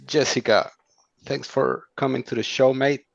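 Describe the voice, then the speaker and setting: A man's voice: mid-range voice, steady tone, moderate pace, vocal fry, no echo, muffled recording, close to an everyday voice. A man putting on a hammy Australian accent, playing a mock-formal host who keeps saying mate. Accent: put-on Australian. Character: jokey Australian bloke host, says mate constantly. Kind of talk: casual livestream banter.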